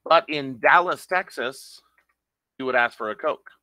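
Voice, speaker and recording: A man's voice: medium pitch, lively intonation, a little slow, pauses often, sharp tone, dry recording, low-quality recording. A man teaching an online English exam class, joking and acting out confused listeners with playful quoted reactions. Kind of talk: live online lecture.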